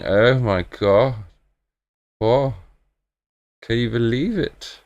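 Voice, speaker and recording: A British man hosting a live stream in casual, rambling chat, often breaking into excited exclamations. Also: mid-range voice, drawn-out words, pauses often, dry recording.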